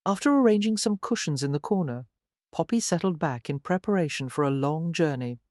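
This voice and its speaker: Romance audiobook reader, steady mid voice, totally dry no room. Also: medium pitch, fairly quick, no echo. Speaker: audiobook narrator. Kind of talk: scripted narration.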